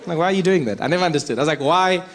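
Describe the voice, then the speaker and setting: A man from South Africa performing a stand-up comedy routine, animated and storytelling as he acts out other people. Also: fairly high pitch, racing, some chatter behind, slight background noise. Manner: animated storytelling, acting out characters.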